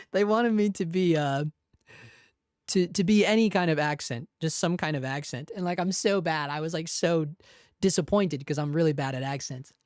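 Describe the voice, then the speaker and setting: A man's voice: on the high side, clean tone, no echo, clean studio sound. Chatty self-deprecating male live-show host. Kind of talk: casual live chat, storytelling.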